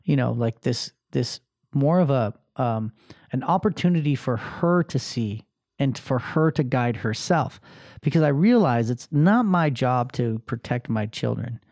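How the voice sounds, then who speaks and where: A man's voice: medium pitch, a little slow, dry recording, studio quality. A man in his thirties, casually telling a personal story with lots of fillers and acted-out voices. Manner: animated, acts out voices, many fillers. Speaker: podcast host telling a story.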